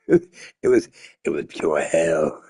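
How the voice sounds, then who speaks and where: A man's voice: very deep voice, wildly swooping pitch, very slow, darkish tone. A drunk man rambling and joking crudely while streaming a game. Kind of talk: casual stream chat.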